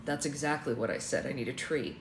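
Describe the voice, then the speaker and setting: A woman's voice: rumbling low, animated, fairly quick. A woman reading aloud as an exasperated young man who insists he needs a Christmas tree, in her own voice. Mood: insistent. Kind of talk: reading a romance novel aloud. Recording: echoey room, faint background noise.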